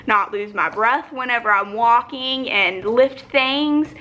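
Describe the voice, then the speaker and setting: Young woman, slightly high bright voice, reflective rambling home vlog. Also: slow. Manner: rambling, reflective, many filler likes. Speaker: vlogger. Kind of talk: casual personal vlog. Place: home, sitting on the floor. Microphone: phone or camera, battery low.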